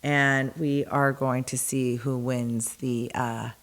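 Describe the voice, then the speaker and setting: A woman's voice: very deep voice, level tone, takes it slowly. A woman co-hosting a podcast, joking and chatting casually. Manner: joking, playful. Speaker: podcast co-host. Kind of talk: casual chat.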